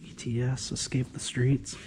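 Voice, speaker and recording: Sorting through a storage locker, a man makes offhand, dryly sarcastic comments, hiccuping now and then. His medium-pitched voice has a flat delivery and measured pace, with noise audible in the background.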